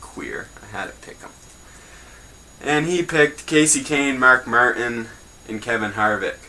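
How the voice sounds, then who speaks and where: Bright-voiced young man joking through news. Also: medium pitch, animated, a little slow, poor audio. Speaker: host of a homemade news show. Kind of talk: casual mock newscast.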